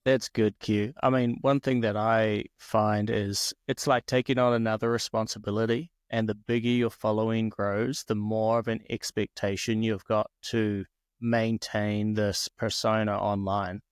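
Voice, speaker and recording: A man with a New Zealand accent, a guest on a podcast, talking in an earnest, measured way. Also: on the low side, flat delivery, clean tone, dry recording, clean studio sound. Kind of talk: casual podcast chat.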